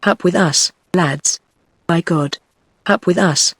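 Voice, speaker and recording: A text-to-speech woman's voice reading the lines of a male sailor shouting urgently and gasping between words. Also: high-pitched, slow, husky, no echo, heavily acted.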